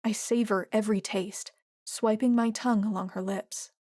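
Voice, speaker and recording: A woman narrating a romance audiobook in a steady, expressive reading. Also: medium pitch, moderate pace, dry recording, clean studio sound. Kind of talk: scripted narration.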